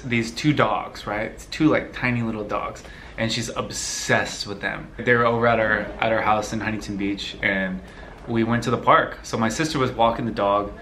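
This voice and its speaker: A young man chats through viewer questions in a loose, rambling way, laughing easily as he goes. His voice sounds bright and lively. A faint background hum sits behind him. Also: medium pitch. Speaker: vlogger answering viewer questions. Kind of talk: casual Q&A chat.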